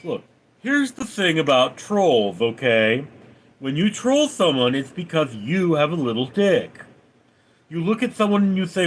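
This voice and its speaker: Slow-talking man with a lively voice. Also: fairly high pitch. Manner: wry, blunt replies to chat messages. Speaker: livestream host reading chat. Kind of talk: casual livestream chat. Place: home.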